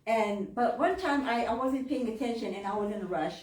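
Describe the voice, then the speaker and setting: A woman in her thirties from tells candid stories during a church talk, mimicking the people she quotes and laughing easily. Her voice sits a little high. She sounds set back from the mic in a roomy church hall. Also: fairly quick, far from the mic, slight background noise. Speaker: church member giving a talk. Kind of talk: personal faith talk.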